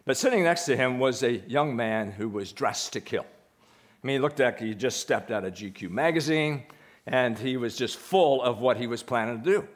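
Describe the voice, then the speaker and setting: A man's voice: medium pitch, lively intonation, moderate pace. Man preaching conversationally. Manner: conversational preaching with questions to the congregation. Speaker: pastor. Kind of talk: sermon.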